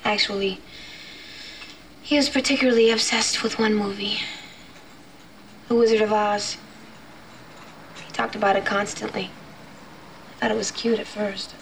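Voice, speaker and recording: An actress playing a young woman on a date who confides in halting bursts with nervous laughs, in a film scene. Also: medium pitch, steady tone, creaky, a little hiss or hum, close to an everyday voice, poor audio. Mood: confiding. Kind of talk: film dialogue.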